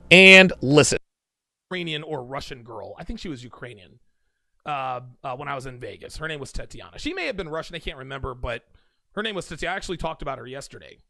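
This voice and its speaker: A man's voice: a little high, creaky, pushed and bright, no room sound. A man hosting a livestream, talking emphatically and repeating phrases as he builds each point. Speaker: host. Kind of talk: livestream commentary.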